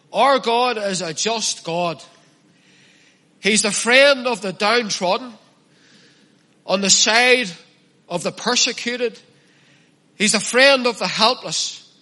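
A man's voice: sits high, bright, forceful tone. A man preaching a sermon in an earnest manner, repeating and stressing his key phrases. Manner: earnest, repetitive emphatic preaching.

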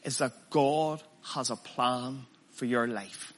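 A man's voice: medium pitch, takes it slowly, fairly bright tone. A man preaching a sermon, emphatic and pressing the congregation with rhetorical questions.

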